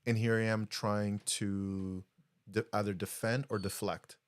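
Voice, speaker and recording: A smooth, lowish-voiced podcast co-host speaks at a measured pace during a casual chat. He narrates a story with animation, performing the quoted lines.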